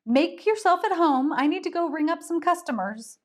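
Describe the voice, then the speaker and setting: Woman reader as a cheerful hostess-type shop owner, lifted high and upbeat. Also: expressive, moderate pace. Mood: chipper. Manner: bright, hostess-like announcing.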